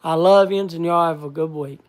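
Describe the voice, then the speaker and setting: A man hosting a casual live stream, thanking viewers in a halting, repetitive, heartfelt way. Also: a little high, fairly even intonation. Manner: halting and repetitive, stumbling over words. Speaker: livestream host.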